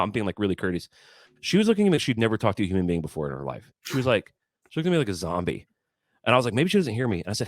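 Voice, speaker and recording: A man with a fairly low voice chats on a podcast as a guest musician, his pitch rising and falling a lot as he gets carried away. He often stammers and repeats words as he tells his stories. The sound is close and dry. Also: big pitch swings, rapid-fire, no room sound. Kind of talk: casual storytelling chat.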